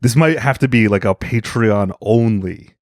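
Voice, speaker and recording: A man, a comedian guest, chatting casually on a podcast, animated and jokey with lots of fillers. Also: lowish voice, normal speed, no room sound, clean studio sound.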